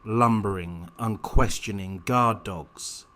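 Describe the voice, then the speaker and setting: Low-voiced man narrating sardonic commentary. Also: pushed and bright. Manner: measured, pointed, sardonic delivery. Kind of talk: scripted political commentary narration.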